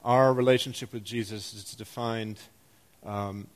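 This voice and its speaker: This pastor's sermon comes in a lowish, unhurried voice, animated and self-deprecating, alternating between loud bursts of excitement and softer emphasis.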